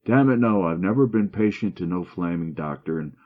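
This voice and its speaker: A man reading as a loud, boisterous young brother who blusters and swears, in a story reading. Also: sits low, lively intonation, fairly quick, narrow, tinny audio. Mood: blustering.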